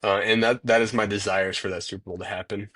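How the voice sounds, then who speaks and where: A man's voice: lowish voice, steady tone, quick pace, a bit bright, no room sound. A young man co-hosting a casual sports podcast over a video call, agreeable and brief. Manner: agreeable, short replies. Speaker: podcast co-host.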